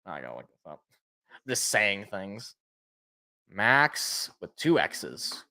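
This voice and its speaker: A man's voice: on the low side, sing-song, takes it slowly, bright, forceful tone. A young man giving casual fan play-by-play and reaction, rambling and correcting himself, with joking asides. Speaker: fan podcast co-host.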